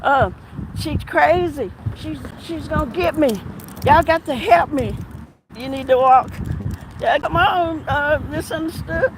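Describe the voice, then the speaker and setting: A woman with a high voice talks slowly and emphatically, circling back over the same points as she comments. Wind and passing traffic rumble loudly behind her outdoor recording. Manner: rambling, repetitive, emphatic. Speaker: commentary vlogger. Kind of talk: casual commentary.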